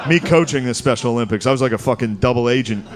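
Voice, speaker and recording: Loose, profane stand-up comedian on stage. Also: male voice, mid-range voice, quick pace. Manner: loose, profane, conversational, peppered with "dude". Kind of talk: live stand-up routine. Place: live comedy venue on stage. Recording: noisy live stage recording.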